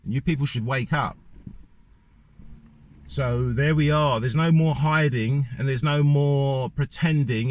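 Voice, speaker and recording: A man's voice: mid-range voice, moderate pace, no echo. A man ranting in a monologue to camera, firing off one rhetorical question after another. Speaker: vlogger. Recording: dull lo-fi dry recording.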